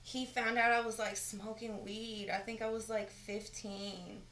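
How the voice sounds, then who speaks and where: A woman's voice: mid-range voice, a little slow. A young woman co-hosting a casual podcast chat, telling stories with big laughs and plenty of swearing. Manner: animated storytelling, swears freely, laughs loudly. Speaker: podcast co-host. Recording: echoey room, faint noise.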